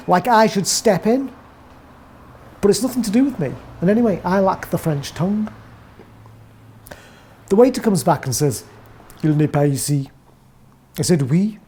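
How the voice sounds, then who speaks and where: A woman with an English accent delivering a wry, deadpan first-person comic monologue as a narrator. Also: lowish voice, husky.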